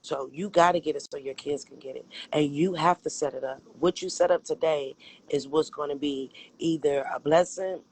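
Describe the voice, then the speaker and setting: A woman's voice: low voice, steady tone, normal speed, a little mellow, breathy edge, rough recording. A woman co-hosting a casual livestream, talking emphatically with lots of profanity and frequent laughter. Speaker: livestream co-host.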